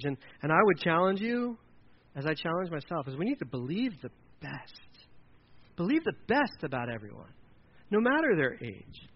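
Animated high-voiced male pastor preaching. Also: highs cut off. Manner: animated, jokey storytelling. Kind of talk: sermon.

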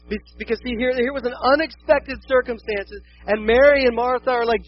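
A man preaching a sermon as a pastor, animated and acting out quoted voices. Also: high voice, fast, few pauses, lo-fi sound, a little hiss or hum.

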